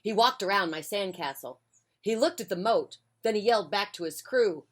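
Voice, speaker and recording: A woman reading a children's picture book aloud on a porch, with a gentle, friendly delivery. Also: medium pitch, expressive, moderate pace. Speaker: children's storyteller.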